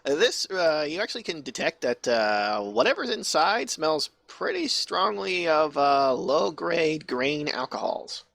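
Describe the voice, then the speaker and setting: Guy running a tabletop game, gravelly sharp voice, swears, rambles, dry sound. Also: a little high, very animated, unhurried, few pauses, dry recording. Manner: casual, rambling, swears freely. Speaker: game master. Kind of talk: narrating a tabletop game online.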